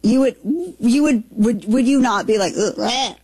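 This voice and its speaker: Talk-show woman from Southern Missouri, forties, husky, dry studio sound, animated storyteller. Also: fairly high pitch, moderate pace, dry recording. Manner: animated storyteller, laughs easily. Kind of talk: casual chat, storytelling.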